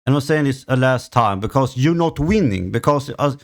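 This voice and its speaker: A man with a Swedish accent, frustrated and swearing a lot, ranting on his own podcast in a halting way full of fillers. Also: mid-range voice, lively intonation. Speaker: channel host. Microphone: home recording setup.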